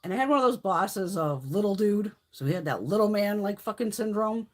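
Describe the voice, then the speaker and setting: A woman's voice: mid-range voice, expressive, brisk. A middle-aged woman hosting a beauty livestream, telling stories in a blunt, profane, casual way. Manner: profane, blunt storytelling with frequent swearing and laughs.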